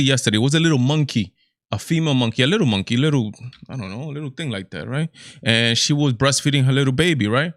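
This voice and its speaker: A man's voice: fairly high pitch, fairly bright tone, no room sound, clean studio sound. A man hosting a live political talk stream, speaking emphatically with many restarts and repeated words. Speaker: host of a political talk show.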